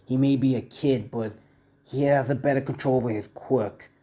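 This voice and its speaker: A man voicing a gruff, frustrated adult male fire hero in a fan-made audio story, speaking in a low muttering way. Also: steady tone, moderate pace, dark tone, lightly acted.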